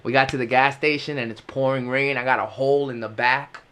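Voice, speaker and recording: A man's voice: mid-range voice, brisk, a little hiss or hum. A young man from Queens, New York, telling car stories in a casual, profane podcast chat and acting out the sounds. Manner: animated, profane, acts out sounds and voices. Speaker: podcast co-host.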